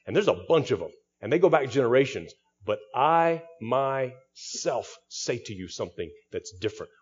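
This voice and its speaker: A man's voice: mid-range voice, a little mellow, slightly rough, highs cut off. A male pastor giving an expository sermon, teaching through a text with frequent restarts and repeated words.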